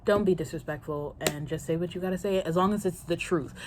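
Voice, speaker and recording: A young woman answering viewer questions in a casual vlog, playful and slangy, quick to laugh and swing into mock drama. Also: fairly low pitch, a little hiss or hum. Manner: slangy, chatty. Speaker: vlogger.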